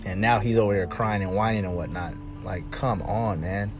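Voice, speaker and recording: A man's voice: lowish voice, moderate pace, over music. A man speaking casually about relationships, telling stories and acting out what other people said. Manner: animated storytelling, mimicking others.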